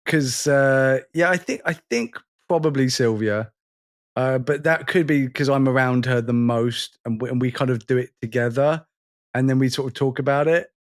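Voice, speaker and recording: A man with a middle-pitched voice chats casually as a podcast co-host. He talks haltingly, often restarting and repeating words as he thinks. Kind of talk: casual chat.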